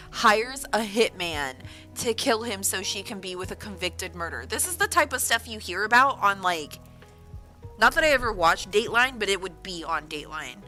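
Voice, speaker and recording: A woman author on a livestream, reading a news report aloud and breaking in with animated, disbelieving exclamations. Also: medium pitch, poor audio. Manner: animated, exclaiming in disbelief between read-out passages. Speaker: author livestreaming a writing session.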